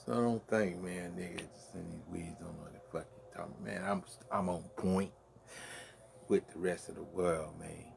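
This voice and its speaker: Slow gravelly-voiced grieving man. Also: deep voice, fairly even intonation, noisy background. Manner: profane, meandering, restarts often. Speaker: vlogger. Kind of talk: late-night rambling monologue.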